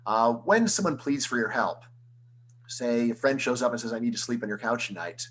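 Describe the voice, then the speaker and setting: A man, an economics professor, giving an online lecture in a conversational style, full of rhetorical questions and quick restarts. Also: mid-range voice, expressive, a bit bright, a little hiss or hum, rough recording. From United States.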